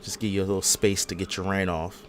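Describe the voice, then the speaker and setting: A man's voice: sits low, level tone, fast talker. A man hosting a casual gaming podcast, telling stories in a laid-back, slangy way. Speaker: podcast host.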